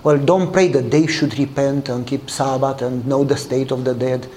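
A man's voice: medium pitch, fairly even intonation, normal speed, dark tone, slight background noise. A man with a Romanian accent preaching a sermon, telling a story in which he acts out the dialogue and laughs often.

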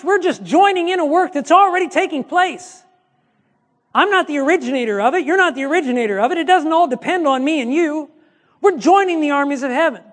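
High-voiced preacher in a reverberant hall. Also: male voice. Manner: earnest, emphatic preaching with frequent restarts. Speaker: pastor. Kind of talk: sermon, teaching a Bible study.

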